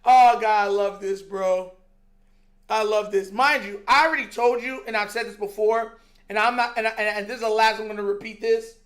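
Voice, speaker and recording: A sports show host in an animated, exasperated rant, slangy and mocking, laughing between points. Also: medium pitch, normal speed. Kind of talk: heated sports talk rant.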